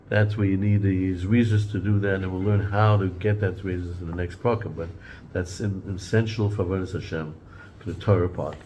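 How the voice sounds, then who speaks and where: A man's voice: deep voice, fairly even intonation, brisk, darkish tone, dull audio, slight background noise. A man teaching an informal Torah class in a conversational way, often repeating and restarting words and mixing in Hebrew and Yiddish terms.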